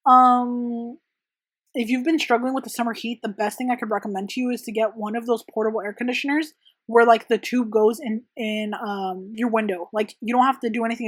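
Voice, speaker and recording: A young woman talks through viewer questions in a loose, rambling vlog manner, full of "like" and "um" fillers. Her voice sits a little high for a woman. The sound is dry, with almost no room echo. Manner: casual and rambling, many "like" and "um" fillers. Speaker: press-on nail artist and channel host. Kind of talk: chatty Q&A vlog.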